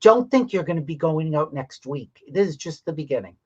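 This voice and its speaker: A man's voice: fairly high pitch, expressive, a little fast, slightly rough. A man hosting a live-stream talk show, chatting casually and speaking straight to his viewers in a reassuring way. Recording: dull lo-fi stream audio.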